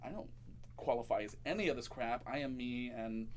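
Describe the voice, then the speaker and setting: A male talk show host chats with his guest in a mid-range voice, animated and quick to laugh, dropping playful campy asides. A faint noise hums under the recording. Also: medium pitch. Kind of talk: casual interview chat.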